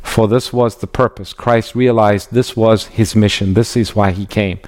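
A man giving an expository Bible teaching in a measured, emphatic way, reading scripture aloud as he goes. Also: on the low side, fairly even intonation, darkish tone.

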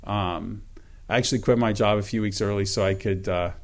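A middle-aged man giving a personal church testimony, earnest and halting, with many fillers and repeated words. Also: lowish voice, fairly even intonation, darkish tone. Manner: reads scripture aloud in old-fashioned wording.

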